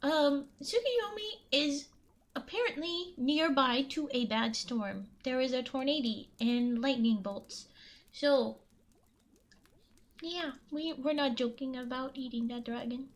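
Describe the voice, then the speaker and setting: High-voiced woman livestreamer; anxious, laughs a lot, pleads and repeats words. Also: slow pace. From US Midwest. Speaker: streamer reading folktales. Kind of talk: casual live-stream chat.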